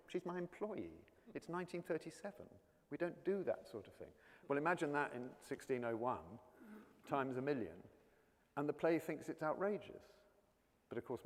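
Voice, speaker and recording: A man with a near-RP English accent, talking as a guest actor in an onstage conversation. His pitch sits at an ordinary middle level, and he tells his stories in a chatty, anecdotal way, doubling words as he restarts. His voice rings with the long reverb of a college hall. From South London. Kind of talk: onstage conversation before an audience.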